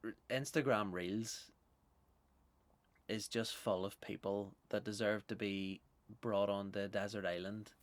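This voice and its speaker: A man's voice: fairly low pitch, dry recording. A Northern Irish man, a comedian, ranting through a sweary, exasperated, rambling monologue. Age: adult with young children.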